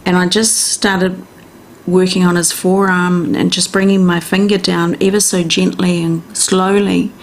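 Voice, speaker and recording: A middle-aged woman with a New Zealand accent, hosting a radio health and wellness talk and gently coaching listeners step by step in a chatty way. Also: lowish voice, flat delivery, a little slow, slight background noise. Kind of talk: casual instructional radio talk.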